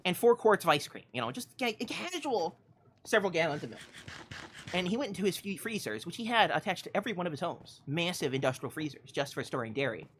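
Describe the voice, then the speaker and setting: A woman on a game livestream spins a mock-epic tale, lurching from loud, grand declarations to low, hushed asides and laughing along the way. Her voice sits fairly low but sounds bright and sharp. Her pitch leaps all over the place. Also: husky. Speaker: streamer.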